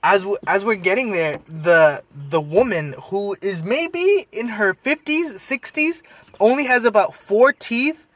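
A man's voice: a little high, fairly bright tone, dry recording. A young man telling a long story in casual, rambling chat, full of fillers, swearing and laughs. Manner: rambling, filler-heavy, profane, laughs often. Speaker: podcast storyteller.

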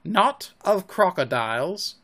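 Man doing a pirate captain, vengeful, brooding, slow, forceful, lively pitch. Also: heavily acted. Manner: slow, forceful, theatrical delivery. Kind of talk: audiobook character voice.

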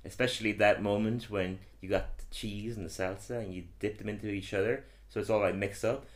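A young Irish man co-hosting a podcast in casual chat, talking softly with a slightly croaky voice and joking often. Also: on the low side, steady tone, fairly quick. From Ireland. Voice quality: soft and slightly croaky from a sore throat. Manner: joking, laid-back, laughs often. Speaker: podcast co-host.

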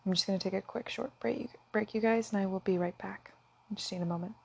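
A woman vlogger with a gravelly, husky, mid-range voice speaks fast with fairly even intonation. Talking directly to her viewers, she is earnest and impassioned, at times close to tears.

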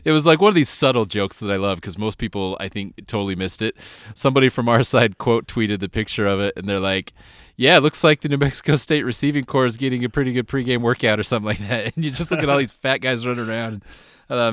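A man's voice: on the low side, quick pace, a bit bright, dry recording, studio quality. A middle-aged man co-hosting a sports podcast, chatting in an easygoing, laid-back way and laughing often. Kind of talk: casual chat.

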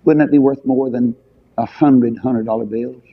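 A man's voice: mid-range voice, fairly even intonation, normal speed, no room sound. An older man preaching a revival sermon in a folksy, emphatic way. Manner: folksy, emphatic, rising to shouts on key phrases. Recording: dull lo-fi sound.

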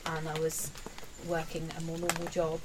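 A woman chatting casually outdoors, telling a story in an animated way with loud exasperated quoted outbursts. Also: low-pitched, normal speed. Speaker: podcast co-host, outdoor worker. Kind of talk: casual chat. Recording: loud outdoor noise and birdsong.

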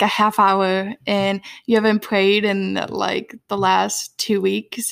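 A young woman co-hosting a faith podcast, giving relaxed, practical advice on starting to pray. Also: medium pitch, vocal fry. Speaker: podcast co-host. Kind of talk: casual faith chat.

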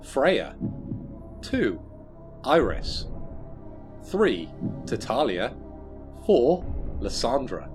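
A man hosting a casual podcast quiz, teasing the players and reading questions slowly. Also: mid-range voice, sing-song, over music. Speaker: quiz master.

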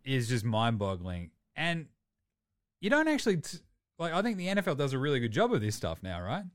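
A man's voice: medium pitch, brisk, no room sound, clean studio sound. A man in his thirties with an Australian accent, ranting and swearing in a casual sports chat. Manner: profane, ranting, animated. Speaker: podcast co-host.

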